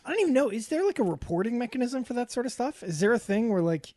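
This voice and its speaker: A man with a high voice hosting a casual podcast. He jokes around and keeps the talk moving with questions. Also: sing-song, quick pace, darkish tone, no room sound. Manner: joking, asks questions. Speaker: podcast host. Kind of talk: casual chat.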